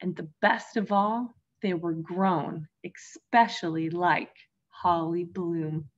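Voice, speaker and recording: A woman teacher reading a picture book aloud to young children, gently addressing them as friends. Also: fairly low pitch, steady tone, slow pace, muffled recording. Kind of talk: storybook read-aloud for children.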